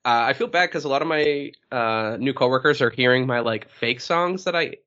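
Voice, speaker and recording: A man co-hosting a casual chat, animated and laughing, breaking into bits of song as he tells stories. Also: medium pitch, moderate pace. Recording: lo-fi sound.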